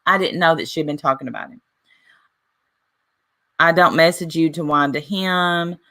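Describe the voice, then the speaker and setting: A woman with a notably low yet bright, forceful voice talks straight to her viewers in a casual vlog. She retells an argument line by line, switching between "I said" and "she said" and reading messages out loud. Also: moderate pace. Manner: retelling a dispute with repeated "I said, she said"; reads out messages aloud. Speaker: YouTuber.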